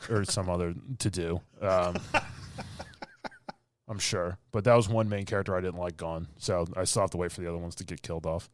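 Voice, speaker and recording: A man's voice: sits low, fairly even intonation, fairly quick. A man co-hosting a podcast, ranting in casual chat with mocking mimicry and blunt complaints. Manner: ranting, exasperated, mocking quotes. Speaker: podcast co-host.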